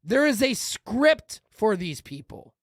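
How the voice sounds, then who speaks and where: A woman's voice: a little high, sing-song, takes it slowly, no echo, clean studio sound. A woman hosting a podcast, reacting to a video in a heated, profane rant. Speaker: podcast host. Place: podcast room.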